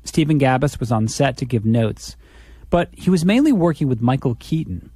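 A male radio reporter interviews a guest in a conversational, probing way. His voice has a lively, varied pitch, and the recording is dry and close. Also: normal speed, husky, no echo.

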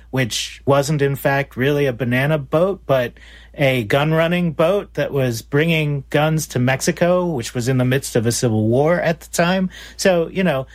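Man co-hosting a history podcast, easygoing. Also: medium pitch. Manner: relaxed, casual narration. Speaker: podcast co-host. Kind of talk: conversational history storytelling.

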